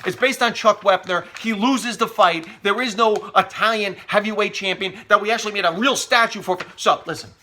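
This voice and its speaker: A man's voice: high voice, brisk, hardly any pauses, a little hiss or hum. A middle-aged man delivering a sarcastic, humorous rant, often mocking people in quoted asides. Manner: sarcastic, animated, mock quotes. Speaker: commentator.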